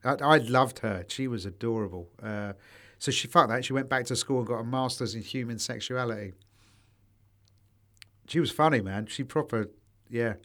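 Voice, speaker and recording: A man's voice: medium pitch, moderate pace, a bit bright. A man co-hosting a podcast, telling anecdotes in a sweary, jokey way. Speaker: podcast co-host. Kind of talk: casual chat.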